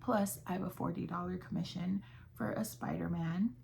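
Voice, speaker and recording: A woman's voice: lowish voice, steady tone, moderate pace, creaky, darkish tone. A young woman vlogging about her crochet business in a chatty, casual way, full of fillers and retold conversations. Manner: chatty, with fillers and quoted dialogue. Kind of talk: casual chat.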